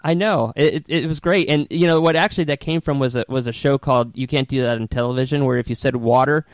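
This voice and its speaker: A man's voice: medium pitch, quick pace, no room sound. A middle-aged man hosting a radio interview, chatty, with nostalgic asides between his questions. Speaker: radio show host. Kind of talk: casual interview chat.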